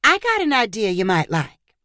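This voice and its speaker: A woman's voice: medium pitch, huge pitch swings, normal speed, bright, forceful tone, dry recording, studio quality. A woman voicing a pushy, upbeat female family photographer who barks cheerful commands. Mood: bossy.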